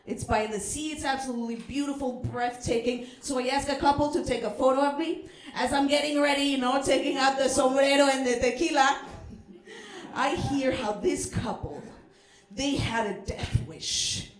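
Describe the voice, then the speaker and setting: A Mexican American woman performing a stand-up comedy set, brash and loud, shouting her punchlines and dropping in Spanish words. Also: high voice, normal speed. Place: comedy club stage with audience. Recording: roomy club echo.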